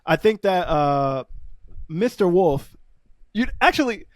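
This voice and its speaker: Excitable man on a dry podcast mic. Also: high-pitched, no room sound. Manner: excitable, laughs often, fast bursts. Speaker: podcast co-host. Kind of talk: casual chat.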